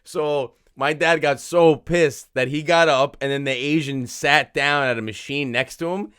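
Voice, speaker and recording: A man's voice: fairly high pitch, a little slow, fairly bright tone, clean tone. A man co-hosting a podcast, reacting with frequent laughter and swearing in casual chat. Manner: profane, laughs often, reacts a lot. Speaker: podcast co-host.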